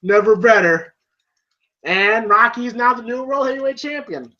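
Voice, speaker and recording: An excitable man recapping a film for his vlog, swearing freely and leaning on fillers. His voice has a bright, sharp edge. The recording is dull and lo-fi. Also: very high voice, a little fast. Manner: excitable, profane, heavy on fillers. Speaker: film reviewer. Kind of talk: casual film review vlog.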